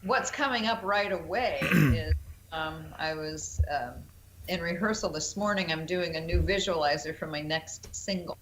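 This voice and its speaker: A woman's voice: sits low, normal speed, a little hiss or hum, poor audio. A woman, a musician guest, chatting casually in a radio interview, grateful and a little coy about her plans.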